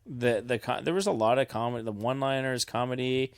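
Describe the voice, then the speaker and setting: Gravelly-voiced, enthusiastic man. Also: medium pitch, quick pace, dry recording, studio quality. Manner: enthusiastic, swears casually. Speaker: podcast co-host. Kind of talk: casual chat.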